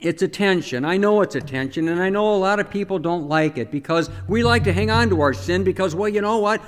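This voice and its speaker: Priest guy giving a homily, kinda high voice, long echo like a big church. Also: fairly quick, few pauses. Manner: conversational, asks the congregation questions. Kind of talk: sermon.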